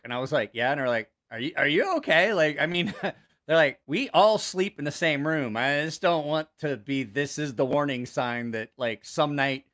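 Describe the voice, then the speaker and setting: Bright-voiced man telling crude jokes. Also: mid-range voice. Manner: laughs at his own jokes, swears freely; animated joke telling. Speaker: channel host. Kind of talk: casual livestream storytelling.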